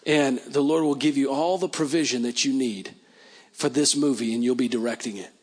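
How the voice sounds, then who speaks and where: A man's voice: medium pitch, normal speed, slightly rough. A man preaching a sermon, telling stories and then praying in a fervent, declaring way. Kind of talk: sermon with prophetic prayer. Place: church service.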